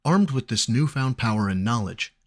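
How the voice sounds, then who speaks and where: A man narrating a video essay in a measured, formal, mock-academic scripted delivery. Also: mid-range voice, expressive.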